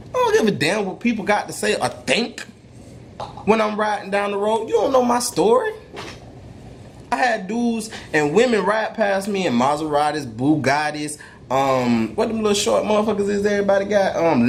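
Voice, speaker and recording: A man's voice: a little high, a little hiss or hum. A young man talking in casual slang, preaching in an emphatic way about faith and perseverance, with frequent restarts. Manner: emphatic, slangy street talk with repeated restarts; preachy, testifying tone. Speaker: vlogger. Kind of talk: motivational faith talk to camera.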